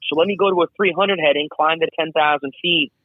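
A man working as an air traffic controller, talking casually and animatedly as an interview guest, explaining his job with quick asides, heard over a remote call. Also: fairly high pitch, no echo. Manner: animated, chatty, acts out radio calls. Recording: tinny phone-like line.

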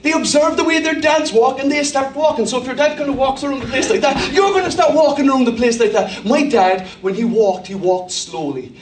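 A middle-aged man from Ireland with a Cork accent, preaching a sermon with humorous stories and animated impressions. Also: very high voice, fairly quick, hardly any pauses, echoey room, far from the mic. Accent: Cork Irish. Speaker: pastor.

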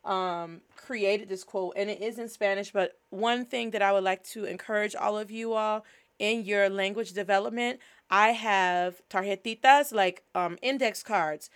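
A woman's voice: medium pitch, fairly even intonation, a little slow, smooth. A woman hosting a language lesson in a casual, upbeat teaching style, moving between English and Spanish. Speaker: host.

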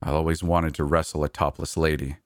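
A laid-back young man speaks casually, with a joking, reassuring manner, as voiced by a male storyteller. His voice is very low and recorded dry and close. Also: level tone, a little fast, no room sound.

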